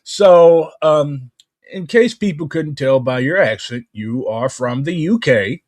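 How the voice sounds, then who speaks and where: American male host, high lively voice, lots of ums and restarts. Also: slow. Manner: hesitant, filler-heavy. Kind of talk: casual chat.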